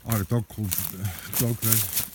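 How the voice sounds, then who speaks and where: A man's voice: lowish voice, fairly even intonation, normal speed. A man chatting bluntly while walking through woodland outdoors, swearing heavily as he tells stories. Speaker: outdoor vlogger. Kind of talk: casual chat walking in woods. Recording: faint background noise outdoors.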